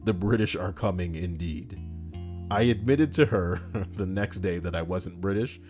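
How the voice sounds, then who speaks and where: With a deep, slightly mellow voice and a measured pace, a man reads reddit stories aloud against faint background music. His commentary is casual and foul-mouthed, and he rants and chuckles at his own jokes.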